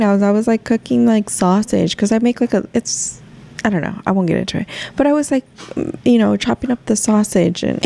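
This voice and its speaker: A woman's voice: mid-range voice, vocal fry, mellow. A woman hosting her own podcast, talking to listeners in a candid, rambling way and swearing freely. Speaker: podcast host. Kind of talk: casual solo chat.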